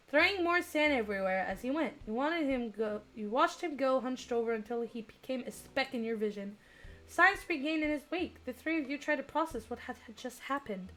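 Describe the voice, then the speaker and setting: Excitable high-voiced woman streamer. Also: moderate pace, faint music behind. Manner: excitable, squealing laughs, reads in and out of text. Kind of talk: reading a dating game aloud with chat.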